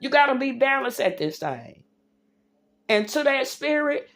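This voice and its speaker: A woman's voice: fairly high pitch, lively intonation, moderate pace, creaky, fairly bright tone. A woman livestreaming an impassioned religious rant, preachy and emphatic, calling her viewers y'all and baby.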